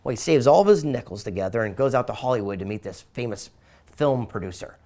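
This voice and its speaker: A man's voice: mid-range voice, animated, fast, mellow. A middle-aged man from the United States, a guest in an interview, telling stories with enthusiasm and acting out voices as he goes. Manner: enthusiastic, acts out voices in anecdotes. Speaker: interview guest, author and speaker. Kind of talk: animated storytelling in an interview.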